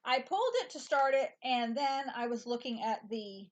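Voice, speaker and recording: On a casual stitching show, an adult mother and co-host speaks at a moderate pace in a fairly high voice, dry and matter-of-fact with fillers and restarts. The recording sounds muffled.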